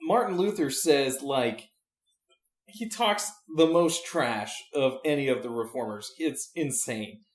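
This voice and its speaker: A man's voice: medium pitch, expressive, slow. Man, preacher, casual podcast chat, rambling, restarts, roomy echo. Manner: rambling, searching for words with many restarts.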